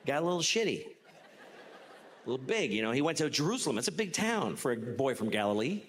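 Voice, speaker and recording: Profane stand-up comic in an echoey hall. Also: male voice, mid-range voice, big pitch swings, fast talker, slight background noise. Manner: conversational, profane, rising to incredulous rants. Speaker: stand-up comedian. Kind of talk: stand-up comedy set. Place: comedy stage before audience. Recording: live stand-up in reverberant hall.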